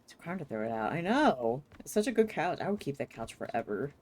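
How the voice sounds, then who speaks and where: A woman livestreaming a narrative game, with a low voice that swings widely in pitch. Her commentary is casual and expressive, full of swearing and quick laughs. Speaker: streamer. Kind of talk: casual live gameplay commentary.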